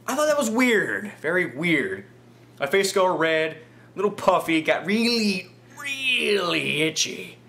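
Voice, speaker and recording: A man vlogs comic personal stories at a measured pace. His delivery is animated and exaggerated, dropping low and then bursting up high with excitement.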